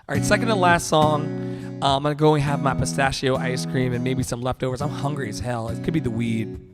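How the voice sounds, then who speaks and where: A man's voice: mid-range voice, brisk, loud music behind the voice. A man hosting a casual late-night livestream from home, chatting in a loose, rambling, candid way and swearing freely. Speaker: livestream host.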